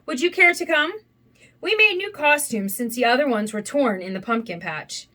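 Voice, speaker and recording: A woman voicing a gentle, simple-minded male teddy bear who speaks slowly and kindly. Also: high voice, lively intonation.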